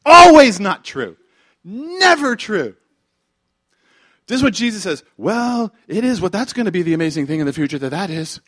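A man preaching a sermon as pastor, animated, acting out quick character voices and swinging from soft asides to loud emphasis. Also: high-pitched, slightly rough, no room sound, clean studio sound. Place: church.

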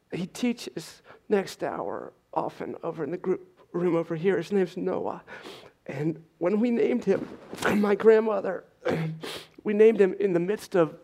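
A middle-aged man preaching a sermon in a conversational storytelling way, often clearing his throat and restarting his sentences. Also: sits high, lively intonation, measured pace, mellow. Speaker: pastor.

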